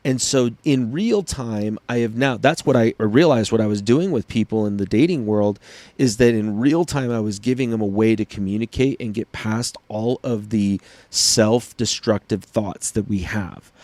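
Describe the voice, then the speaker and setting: Low-voiced man explaining earnestly. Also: normal speed, darkish tone, no room sound. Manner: earnest, explaining ideas at length. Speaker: podcast co-host. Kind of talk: casual podcast chat.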